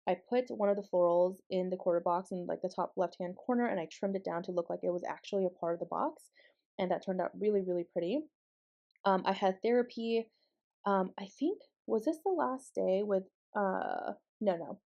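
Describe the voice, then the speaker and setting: A woman's voice: mid-range voice, a little fast, creaky, warm tone, dull audio. A young woman rambling casually in a planner voice-over, full of fillers and side tangents. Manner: rambling, chatty, many fillers and asides. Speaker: planner vlogger.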